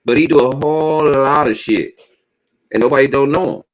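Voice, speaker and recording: A man's voice: medium pitch, brisk, rough recording. A man in casual podcast chat, talking in a blunt, slangy, easygoing way.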